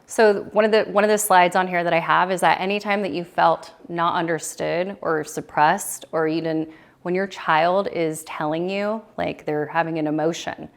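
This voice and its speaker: A woman with a slightly low voice and a gravelly, creaky edge speaks at a retreat. Her talk is loose and rambling, full of fillers and restarts. She is in her thirties. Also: steady tone, normal speed. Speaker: retreat presenter. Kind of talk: casual talk to a small group. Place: retreat room.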